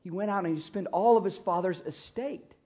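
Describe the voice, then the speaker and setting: Male preacher, storytelling sermon, husky and a bit high, emphatic with loud-soft swings, dull muffled recording. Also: fairly quick.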